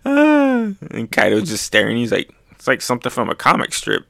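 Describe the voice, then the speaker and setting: A young man excitedly reacting to a comic chapter, laughing often and making sound effects. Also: on the low side, moderate pace, creaky, dry recording.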